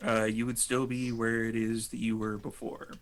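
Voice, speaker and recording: A man with a gravelly, fry-edged voice runs a tabletop game as game master. He explains the rules and outcomes in a relaxed, joking way, pitched in an ordinary middle range. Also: normal speed.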